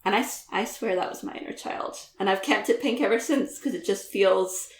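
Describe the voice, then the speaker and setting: A woman's voice: mid-range voice, a little fast, reverberant. A woman guest author talking candidly in a podcast interview, laughing easily, with lots of "like" and "um".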